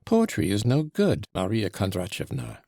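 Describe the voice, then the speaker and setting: A man's voice: on the low side, wildly swooping pitch, normal speed, mellow, dry recording, clean studio sound, full character voice. A man reading a sneering, conceited manservant. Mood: contemptuous. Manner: sneering, self-important lecturing. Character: scornful young male servant, conceited and bitter. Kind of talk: audiobook character reading.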